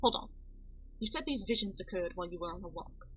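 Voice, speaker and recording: A woman voicing a calm, inquisitive male town doctor with measured, probing questions, reading game dialogue aloud. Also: mid-range voice, husky, poor audio.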